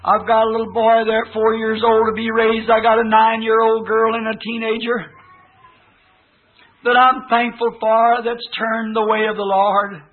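High-voiced preacher, tinny old tape. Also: male voice, monotone, moderate pace. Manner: fervent, recounting a vision with quoted voices. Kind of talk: sermon.

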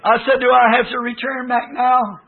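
High-voiced preacher, tinny old tape. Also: male voice, little pitch movement, moderate pace. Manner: fervent, recounting a vision with quoted voices. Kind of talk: sermon.

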